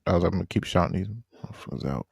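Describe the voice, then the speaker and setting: A laid-back man co-hosts a podcast, rambling and filling pauses as he talks. His voice is fairly low. The recording is dry and close to the mic. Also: gravelly, husky, no room sound. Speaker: podcast co-host. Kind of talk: casual chat.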